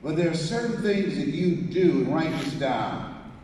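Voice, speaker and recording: This motivational speaker's voice is animated, measured, a little mellow, and on the high side. Speaking live in a big, echoey hall with an audience, he acts out a story's dialogue and asks the crowd to repeat his words, while a far-off mic catches slight background noise.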